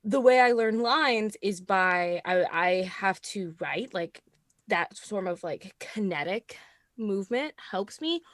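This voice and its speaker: A woman chats casually on a live stream, jumping into animated quoted asides as she tells a story. Her pitch sits in an ordinary middle range, and the sound is close and dry. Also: takes it slowly, no echo. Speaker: panelist.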